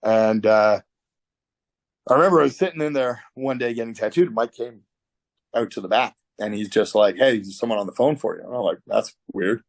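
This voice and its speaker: A man's voice: on the low side, a little fast, creaky, no room sound. A middle-aged Canadian man telling a wild story in an interview over a video call. He swears often and acts out what people said. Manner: animated storyteller, swears a lot, acts out quotes. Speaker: tattoo artist guest.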